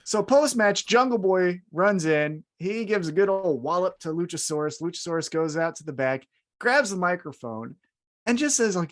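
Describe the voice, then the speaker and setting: A man co-hosting a wrestling podcast in casual chat, jokey and animated, recapping matches and acting out lines. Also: high voice, moderate pace. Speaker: podcast co-host.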